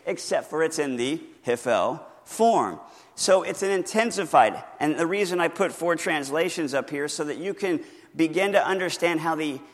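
A man's voice: fairly high pitch, fairly bright tone, long reverb tail. A man preaching a teaching sermon from notes, talking conversationally, asking the congregation questions and stressing key words. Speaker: pastor.

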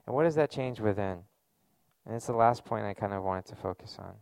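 Male pastor, gravelly, dry close sound, casual earnest sermon delivery. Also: on the low side, fairly quick, a little mellow, dry recording. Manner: conversational, earnest preaching with casual fillers.

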